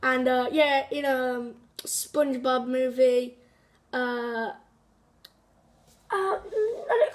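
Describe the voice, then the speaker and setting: A woman hosting a casual, unscripted countdown video, rambling with many fillers, restarts and small giggles. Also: high-pitched. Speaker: video host.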